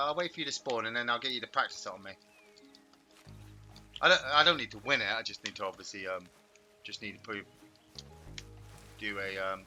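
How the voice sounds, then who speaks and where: Excitable man commentating gameplay. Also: mid-range voice. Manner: excitable, shouty, playful trash talk. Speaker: gaming host.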